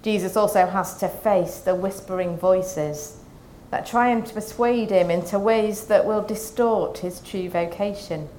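A woman preaching a Lent sermon, reading scripture and reflecting in a calm, measured way. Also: mid-range voice, a little hiss or hum.

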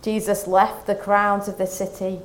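A woman with a medium-pitched voice preaches a Lent sermon, reading scripture and reflecting calmly and in a measured way.

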